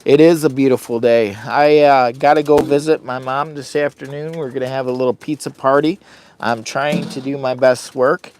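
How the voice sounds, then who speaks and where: A man's voice: medium pitch, steady tone, normal speed, darkish tone. A man rambling casually on a phone live stream from inside a heated tent, urging viewers to like and share. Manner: chatty, hypes viewers to like and share. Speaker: vlogger livestreaming from a camping trip.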